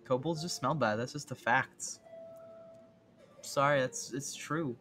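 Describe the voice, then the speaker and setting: A man's voice: mid-range voice, slow pace, sharp tone, soft background music. A man chatting casually on a late-night art stream, silly and rambling, often giggling at his own jokes. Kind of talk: casual live-stream chat. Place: home streaming setup.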